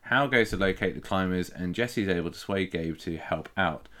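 A man's voice: low-pitched, moderate pace, bright, forceful tone. A man co-hosting a casual film review podcast, swearing freely and rambling with frequent laughs. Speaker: podcast co-host.

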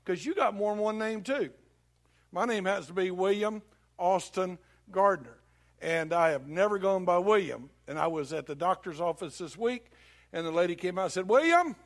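A man preaches in a church, and his voice sits high. He tells folksy stories and jokes easily with the congregation between scripture readings. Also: moderate pace. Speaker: pastor. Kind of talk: sermon.

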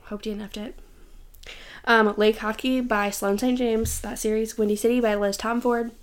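A woman's voice: fairly high pitch, a bit bright. A young woman co-hosting a podcast, chatting casually and giggling through her stories. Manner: chatty, giggly, quick asides. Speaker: podcast co-host. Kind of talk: casual chat.

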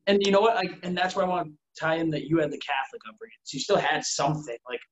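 A man's voice: a little high, very fast. A man in casual chat, talking earnestly and at length, full of "like" and acted-out quotes. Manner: rambling, earnest, fillers of "like", acts out quoted dialogue. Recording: roomy, dull sound.

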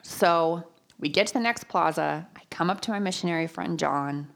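A woman preaching a sermon, telling personal stories with lively, acted-out quotes. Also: lowish voice, moderate pace, vocal fry. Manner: animated storytelling, acts out quotes.

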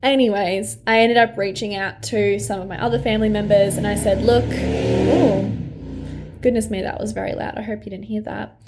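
A woman's voice: mid-range voice, fairly even intonation, normal speed, heavy background noise. A young woman, a life coach talking candidly and frankly in a personal vlog, swearing freely and laughing often.

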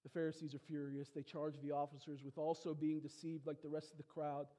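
A male pastor preaching a sermon, emphatic, with rhetorical questions, swinging between loud exclamations and hushed asides. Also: a little high, flat delivery, fairly quick. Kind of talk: expository sermon.

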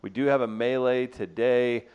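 A man's voice: mid-range voice, steady tone, moderate pace, darkish tone, smooth, muffled recording. A man hosting a live radio show, joking around in casual banter with his co-hosts. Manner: joking, laughs often, playful.

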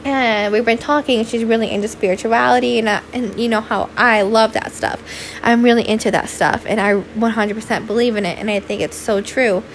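Young woman, casual solo podcast, chatty and candid, sleepy and yawning, fairly high voice. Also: fairly even intonation, fairly quick, a little hiss or hum. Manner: chatty and candid, lots of "like" and swearing. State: yawning, tired. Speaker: podcast host.

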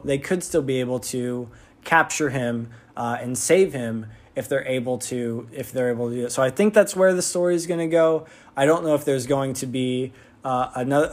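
Speaking at a middle pitch, this man talks through a TV episode like an eager fan. His review is loose and meandering, packed with filler words and false starts.

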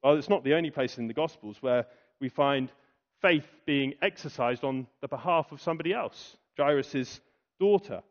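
A man preaching a sermon, asking rhetorical questions and pausing for effect. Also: medium pitch. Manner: rhetorical questions, dramatic pauses and acted quotes. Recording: dull lo-fi recording.

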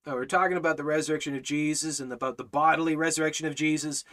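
A man teaching a Bible study and preaching urgently, in a lively, animated way. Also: fairly high pitch, fast, hardly any pauses. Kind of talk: evangelistic preaching and live-stream Bible study.

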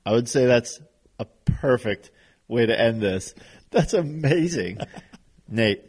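A man's voice: medium pitch, lively intonation, slow, pauses often, a little mellow, breathy edge. A man hosting a podcast, chatting casually and easily, with many "like" fillers. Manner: easygoing, filler-heavy with lots of "like". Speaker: podcast host. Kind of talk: casual chat.

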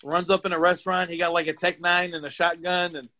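A man co-hosting a casual podcast chat, excitable and slangy, swearing freely. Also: high-pitched, fast. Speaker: podcast co-host.

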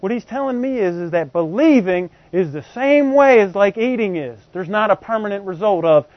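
High-pitched guy preaching, chatty, keeps asking the church if they're following, slightly muffled dry recording. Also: animated, moderate pace, no echo. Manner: conversational, keeps checking in with the congregation; explains by everyday examples. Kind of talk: teaching sermon.

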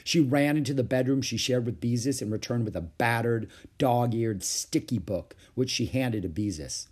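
A man reading a children's book aloud with expressive storytelling. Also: mid-range voice, moderate pace, slightly rough. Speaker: storybook reader.

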